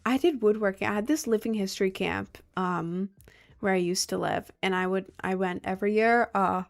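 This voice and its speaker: A young adult woman livestreams from her desk at a home streaming setup, her voice gravelly, medium-pitched, and at normal speed. She chats casually in a rambling, filler-heavy way, sounding sleepy and yawning often.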